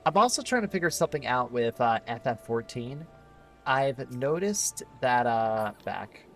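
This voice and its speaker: A man streaming a game who chats loosely as he plays. His voice is mid-pitched, and his talk is full of "like" and "uh" as he thinks aloud. Soft music plays faintly underneath. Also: sing-song, unhurried. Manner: rambling, filler-heavy, thinking aloud. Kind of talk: casual gameplay commentary.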